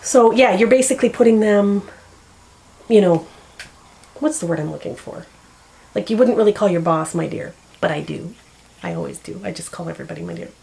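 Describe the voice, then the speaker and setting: A woman's voice: medium pitch, lively intonation, brisk, creaky, long pauses, a little mellow, rough recording. A woman in her forties chatting casually to the camera, rambling and often searching for words. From Canada. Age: 40s. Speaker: vlogger.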